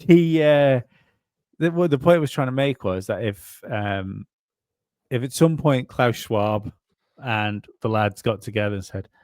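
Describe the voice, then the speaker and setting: A man's voice: mid-range voice, normal speed, darkish tone, dry recording, studio quality. A man co-hosting a casual conspiracy podcast, rambling and swearing, often restarting his sentences. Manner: rambling, profane, many restarts. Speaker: podcast co-host.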